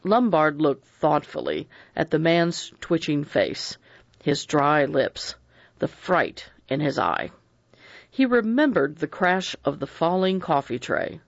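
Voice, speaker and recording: A man reading an audiobook in a measured storytelling manner. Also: on the high side, big pitch swings, vocal fry, no echo. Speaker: audiobook reader. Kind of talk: audiobook narration. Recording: dull, dry lo-fi recording.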